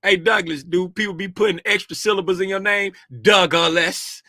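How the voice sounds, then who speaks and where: A middle-aged man talks through futures charts on a casual livestream. His voice sits high and sounds bright, and he keeps it loose and slangy, greeting the chat and laughing along. The sound is dry, with little room echo. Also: steady tone, quick pace. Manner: chatty, greets viewers by name and laughs often; easygoing slangy talk. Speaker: livestream host reviewing futures markets. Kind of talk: casual livestream market commentary.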